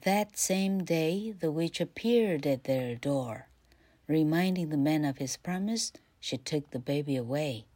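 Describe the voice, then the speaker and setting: A woman teacher reading a fairy tale aloud for learners, carefully and with pauses. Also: deep voice, lively intonation, warm tone. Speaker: grammar teacher. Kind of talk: bilingual story reading for learners.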